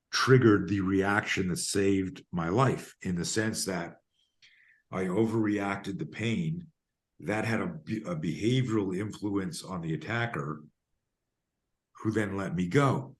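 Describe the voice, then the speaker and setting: A deep-voiced man in his fifties, speaking as a podcast guest. He tells stories with animated emphasis, pressing hard on key words. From Canada. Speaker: guest, self-defense coach. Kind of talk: podcast interview storytelling.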